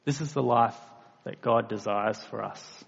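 A preacher with a medium-pitched, gravelly voice touched by fry delivers a sermon slowly and deliberately, rising into emphatic bursts on key points. The lo-fi recording sounds dull, with a long reverb tail like a large hall.

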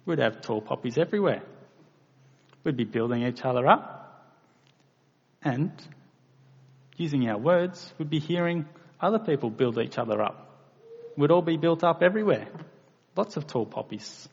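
A man's voice: mid-range voice, lively intonation, moderate pace, vocal fry, pauses often, slightly rough. A man preaching a sermon, earnest and plain-spoken, acting out quoted voices now and then. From Australia. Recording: lo-fi recording in a reverberant hall.

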